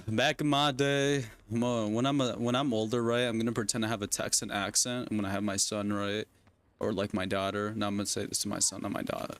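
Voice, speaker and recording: A man's voice: lowish voice, little pitch movement, quick pace. A young man streaming a game, rambling and joking to himself and to his opponent. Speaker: gaming streamer. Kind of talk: casual livestream commentary.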